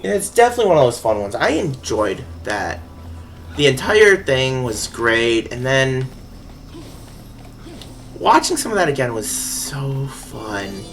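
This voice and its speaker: A game streamer chatting casually while playing, rambling and giggly, quick to laugh at their own slips. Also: medium pitch, very animated, slight background noise. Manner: rambling, giggly, self-deprecating. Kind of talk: casual live-stream chat while gaming.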